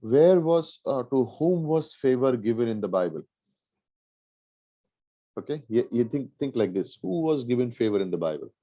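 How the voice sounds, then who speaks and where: A man's voice: medium pitch, lively intonation, moderate pace, no echo. A man from India, a pastor teaching a Bible class in an earnest way, asking rhetorical questions and repeating phrases for emphasis. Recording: dull lo-fi dry recording.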